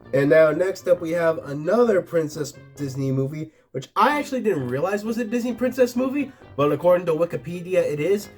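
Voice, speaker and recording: A man's voice: high voice, a bit bright. A young man hosting a tier list video, chatting casually and sarcastically with crude jokes. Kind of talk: casual commentary ranking movies.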